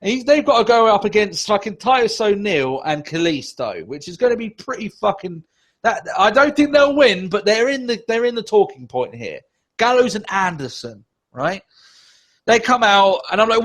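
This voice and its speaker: A man's voice: high-pitched, very animated, normal speed, a bit bright. Guy ranting on a podcast, swears a lot, sarcastic, bouncy up-and-down voice. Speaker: podcast co-host. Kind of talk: casual podcast chat.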